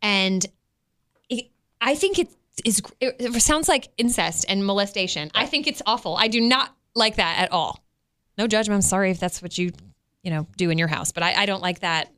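A woman co-hosting a casual chat show, animated and opinionated, laughing often. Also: medium pitch, moderate pace, smooth. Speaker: co-host.

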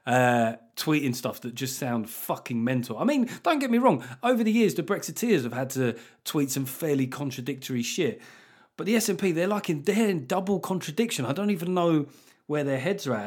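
A man hosting a comedy podcast, delivering a sardonic, sweary monologue with lots of laughter. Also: fairly high pitch.

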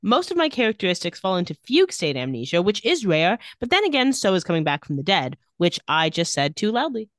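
A woman co-hosting a casual recap podcast who retells each scene with dry, sarcastic asides. Her pitch rises and falls a great deal as she reads the lines. The recording is dry and close to the mic. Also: sing-song, a little fast, hardly any pauses, a bit bright, no room sound. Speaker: podcast co-host recapping a TV episode. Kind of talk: casual chat.

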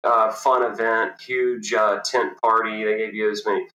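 Bright-voiced man telling stories in an echoey room. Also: moderate pace. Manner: animated storyteller, jumps high to act out quoted people. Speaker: professional golfer, guest. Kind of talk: casual storytelling interview. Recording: roomy echo.

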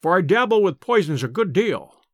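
A brisk, confiding eccentric detective, as a man reads him aloud in a storybook reading. The voice sits high and moves with lively rises and falls. The recording is dry and close. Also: no echo, heavily acted. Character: sharp, eccentric male amateur detective. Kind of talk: audiobook character reading.

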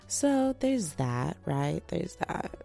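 A woman's voice: lowish voice, big pitch swings, takes it slowly, vocal fry, mellow, soft background music. A young woman in her twenties hosting a casual podcast from bed, tired, loose and profane, slipping into voices when she quotes people. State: fatigued. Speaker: podcast host. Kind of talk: casual chatty podcast monologue. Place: lying in bed indoors.

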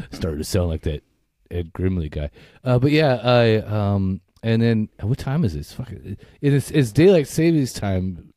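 A man with a low, mellow voice co-hosts a podcast in loose, profane chat. He stammers and restarts his sentences, sounding tired from early morning. His voice sits close to the mic in a dry room. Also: lively intonation, unhurried, dry recording. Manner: swears freely, restarts and stammers. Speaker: podcast co-host. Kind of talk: casual chat.

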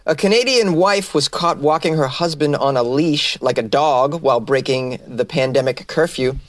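A man's voice: fairly high pitch, moderate pace, dry recording. A man hosting a comedy news podcast, reading odd stories and riffing on them with sarcastic asides.

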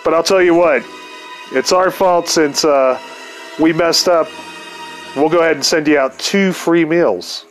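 A man's voice: a little high, measured pace, soft background music, voice pushed up, close to an everyday voice. A man voicing a friendly, easygoing male restaurant manager in an obliging customer-service tone.

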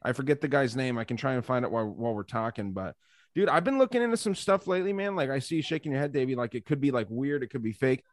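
A man's voice: mid-range voice, lively intonation, fast talker, no echo, clean studio sound. Rambling man in casual podcast chat. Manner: rambling, heavy on fillers like "like" and "dude". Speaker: podcast guest.

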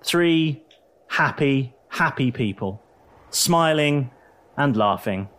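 A man's voice: medium pitch, expressive, slow, fairly bright tone. A man running a tabletop role-playing game as game master, narrating scenes in a dramatic, descriptive way and repeating words for effect.

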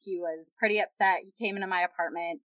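A woman telling a personal story in casual chat, animated and peppered with "like". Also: on the low side, quick pace, no room sound. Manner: animated, heavy use of "like".

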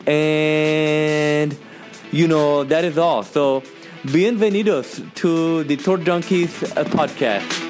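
A man's voice: a little high, over music. A man putting on a hammy mock-Spanish host. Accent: put-on Spanish. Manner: playful, deliberately broken phrasing. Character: hammy male podcast host faking a Spanish accent.

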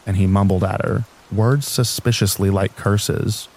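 A man reads a classic novel aloud in calm, measured narration. His voice sits low, with a dark, mellow timbre. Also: low-quality recording. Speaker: audiobook narrator.

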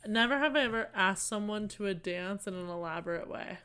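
A young woman chatting on a podcast while a little drunk. She tells stories in a loose, laughing way and swears often. Her voice sits at a medium pitch. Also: a little fast, a bit bright, clean tone. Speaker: podcast co-host. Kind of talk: casual chat.

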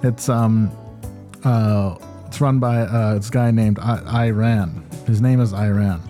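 A man's voice: on the low side, slow pace, mellow, soft background music. A man co-hosting a casual podcast chat, laid-back and rambling. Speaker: podcast co-host.

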